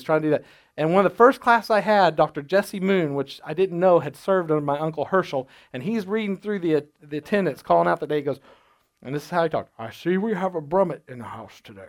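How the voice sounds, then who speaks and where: A middle-aged man preaches from the pulpit in an easygoing, conversational way. His voice sits a little higher than most men's. He often restarts his sentences as he weaves personal stories into the sermon. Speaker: pastor.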